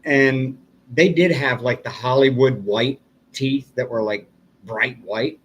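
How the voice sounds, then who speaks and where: A man's voice: mid-range voice, slow pace, muffled recording, a little hiss or hum. An older man hosting a casual live stream, telling a long rambling story and chuckling often. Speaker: livestream host.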